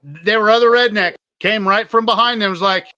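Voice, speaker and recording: Man, podcast co-host, high bright voice, profane storyteller, dry close sound. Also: fairly quick, dry recording, dull audio. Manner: profane, storytelling, swears a lot. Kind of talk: casual podcast chat.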